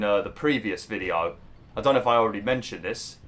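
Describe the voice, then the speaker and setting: A man's voice: fairly low pitch, fairly quick, a bit bright. A man giving rambling, casual commentary over a video game, swearing and laughing easily. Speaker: gaming YouTuber.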